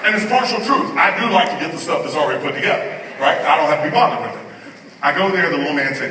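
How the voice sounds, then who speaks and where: A man giving an animated comic storytelling speech to a live audience in a large hall. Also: on the high side, fast, distant mic, a little hiss or hum. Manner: animated, rising to mock outrage. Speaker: conference speaker. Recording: echoey hall, speaker heard from afar.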